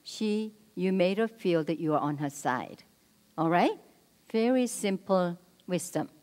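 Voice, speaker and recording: A woman leading a marriage seminar at a church, speaking directly and prompting the audience with quick cues. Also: on the low side, expressive, a little mellow. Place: church hall. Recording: long hall reverb.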